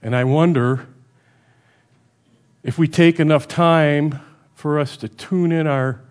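A middle-aged man delivers a sermon in a loose, conversational manner. He keeps checking in with his listeners and swings between loud emphatic stretches and quiet, low asides. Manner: varies loudness a lot, rising for emphasis and dropping low. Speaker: preacher.

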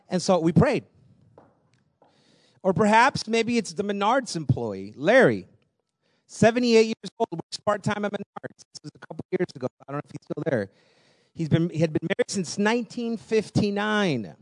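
A man preaching a sermon, telling personal stories in a lively way, laughing often and repeating words as he goes. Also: sits high, moderate pace, no room sound, clean studio sound. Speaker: pastor.

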